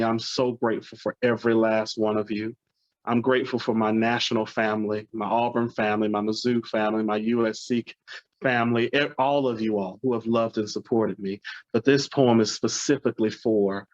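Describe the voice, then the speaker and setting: A man's voice: medium pitch, no echo. A man from Alabama, a poet, speaking earnestly and gratefully to his audience before reading his poems. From Alabama, USA. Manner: earnest, heartfelt, softly grateful. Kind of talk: spoken remarks at a live poetry reading. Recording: dry, slightly muffled lo-fi recording.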